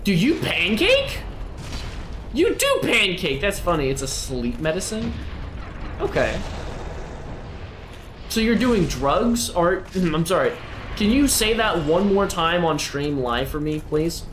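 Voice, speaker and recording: A man's voice: sits high, sing-song, slow, long pauses, fairly bright tone, a little hiss or hum. A man live-streaming a video game, chatting with viewers and teasing them and the game in a playful way.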